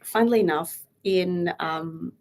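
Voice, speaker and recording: A woman's voice: fairly low pitch, unhurried. A young woman from Chile with a Chilean Spanish accent, chatting casually as an interview guest, laughing often and using many fillers.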